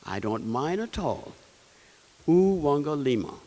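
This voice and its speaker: A man voicing a gentle old male king who speaks slowly and kindly in a folktale. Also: fairly high pitch, big pitch swings, big-room sound, a little hiss or hum, pitched below the performer's own voice. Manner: slow, kindly.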